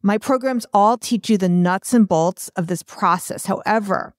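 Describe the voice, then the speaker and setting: A woman's voice: mid-range voice, normal speed, no room sound, studio quality. A woman hosting her own podcast, a chatty and self-deprecating art business coach talking solo.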